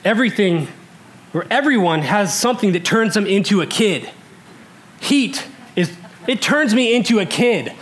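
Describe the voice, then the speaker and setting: A man in his thirties from Alaska tells a funny story to a live crowd in a high voice. His pitch leaps and drops all over, and he laughs as he goes, shifting from loud bursts to hushed asides. A faint wash of room noise sits behind him. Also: expressive, normal speed. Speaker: storyteller before a live audience. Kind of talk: comic storytelling.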